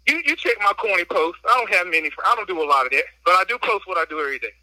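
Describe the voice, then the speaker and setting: High, bright-voiced man venting on a walk. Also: animated, rapid-fire, no room sound, rough recording. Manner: emphatic, slangy venting. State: slightly out of breath from walking. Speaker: podcast guest. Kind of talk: casual podcast chat. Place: outdoors on a walk.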